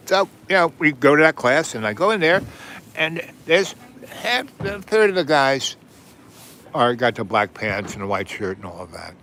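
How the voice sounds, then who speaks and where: A man's voice: mid-range voice, lively intonation, moderate pace, sharp tone, slight background noise. A man in his seventies hosting a livestream, telling a rambling, digressive story with plenty of profanity and trailing asides. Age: 70s. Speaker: livestream host.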